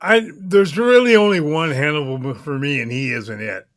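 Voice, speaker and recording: A man's voice: fairly high pitch, normal speed, fairly bright tone, dry recording. A man co-hosting a casual entertainment chat, making blunt, dry quips. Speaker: co-host.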